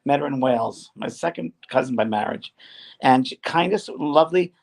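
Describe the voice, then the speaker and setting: A man's voice: medium pitch, expressive, moderate pace, gravelly. A man co-hosting a spiritual talk show, telling stories in an earnest, rambling way. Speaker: co-host.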